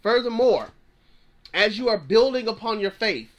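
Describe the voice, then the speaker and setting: A man's voice: high voice, lively intonation, normal speed, a bit bright. A man in his thirties, a pastor preaching with fervor, repeating phrases for emphasis and dropping into plain slang. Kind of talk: preaching sermon.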